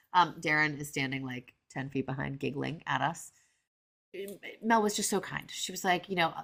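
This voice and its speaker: A woman in her forties tells a story on her podcast, chatty and animated, with plenty of fillers. Her voice sits low with a gravelly fry, and her tone is bright and crisp. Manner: chatty, animated, many fillers and acted-out quotes. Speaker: podcast host. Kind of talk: casual storytelling monologue.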